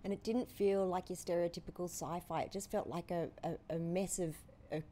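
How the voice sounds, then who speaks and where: An Australian woman hosts a relaxed streamed conversation in a slightly low voice. She talks playfully and lights up with enthusiasm. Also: brisk. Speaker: streaming host. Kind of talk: casual chat.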